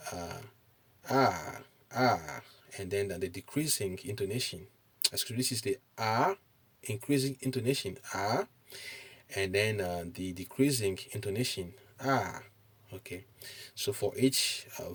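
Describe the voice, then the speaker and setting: A middle-aged man teaching a recorded online language lesson, hesitant, with many pauses and fillers, often checking in with "okay?". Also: on the low side, husky.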